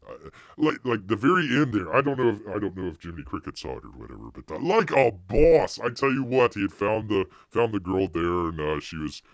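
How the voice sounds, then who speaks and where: A man's voice: fairly low pitch, very animated, brisk, creaky, no room sound, clean studio sound. A man hosting a live stream, chatting casually in a rambling way, with frequent restarts and laughter. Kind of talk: casual review chat.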